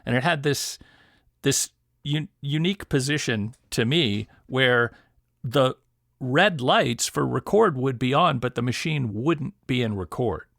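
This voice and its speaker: Gravelly-voiced man telling a studio story. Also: medium pitch, a little slow, dry recording. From Detroit area, USA. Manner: animated storyteller, laughs easily. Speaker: guest audio producer. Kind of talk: casual storytelling interview.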